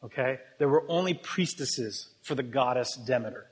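A man's voice: mid-range voice, moderate pace. A man preaching a sermon in a casual, joking way, talking directly with his congregation. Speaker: pastor. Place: church hall with audience. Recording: long hall reverb.

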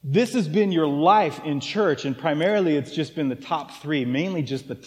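Casual joking pastor in a reverberant hall. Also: male voice, fairly high pitch, normal speed. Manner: casual, joking, conversational preaching with fillers. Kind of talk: sermon. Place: church sanctuary.

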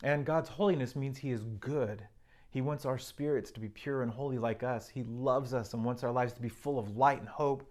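Earnest guy preaching, reads scripture aloud, mid pitched, steady. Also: normal speed. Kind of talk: sermon.

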